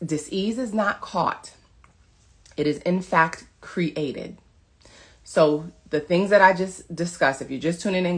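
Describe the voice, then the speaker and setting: A woman wellness coach giving an emphatic, preachy motivational monologue to her followers, repeating short commands. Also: on the low side. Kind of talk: motivational social media monologue.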